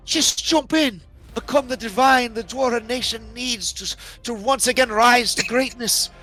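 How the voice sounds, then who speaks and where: A man voicing a desperate old woman who shouts pleading encouragement in a strained high voice. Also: unhurried, soft background music, exaggerated voice. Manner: shrill pleading cries.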